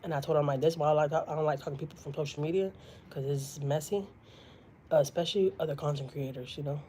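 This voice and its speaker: Chatty woman vlogger, mellow voice. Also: low voice, fairly even intonation, quick pace, slight background noise, rough recording. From Houston, Texas. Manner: chatty, many fillers, quotes others dramatically. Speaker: vlogger on a live stream. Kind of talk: casual storytelling to viewers.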